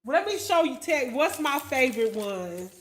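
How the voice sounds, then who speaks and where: High-voiced, unhurried woman livestreamer. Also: very animated, a little hiss or hum. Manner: loose and slangy, chuckles often, spells out viewer names letter by letter. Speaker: livestream host. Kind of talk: casual livestream chat with viewers.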